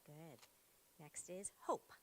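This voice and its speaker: A woman's voice: sits low, takes it slowly, warm tone, slight background noise. A woman teacher leading a phonics lesson, upbeat and encouraging, prompting in short words. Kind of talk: classroom phonics demonstration. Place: school meeting room.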